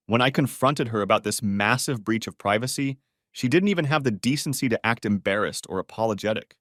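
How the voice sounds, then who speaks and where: A man reads out a scripted first-person story with steady, expressive storytelling. His middle-pitched voice moves around a lot in pitch. The recording is dry and close. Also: dry recording. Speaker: narrator.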